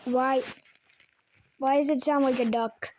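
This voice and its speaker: High-voiced woman giving offhand jokey verdicts. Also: steady tone, takes it slowly, darkish tone, slight background noise. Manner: offhand, joking, blunt verdicts. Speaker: video creator rating alarm sounds. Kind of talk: casual reaction commentary.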